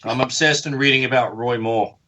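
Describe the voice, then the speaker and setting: A man's voice: mid-range voice, steady tone, brisk, pushed and bright. A man, a comic book artist guest, chatting casually on a podcast in a rambling, self-deprecating way and laughing often.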